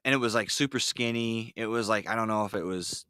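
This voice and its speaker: Deep-voiced man chatting on a podcast. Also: a little fast, smooth, no room sound, clean studio sound. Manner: rambling, filler-heavy, excitable storytelling. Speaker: podcast host. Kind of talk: casual chat. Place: ice fishing shanty.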